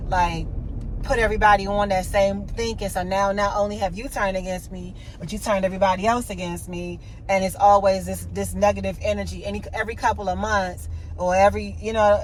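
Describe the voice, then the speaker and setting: A woman's voice: medium pitch, steady tone, fairly quick, low-quality recording. A young adult woman talking frankly and emphatically in a personal vlog, often repeating words as she goes. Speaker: vlogger. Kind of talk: candid personal vlog talk. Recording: loud traffic noise behind.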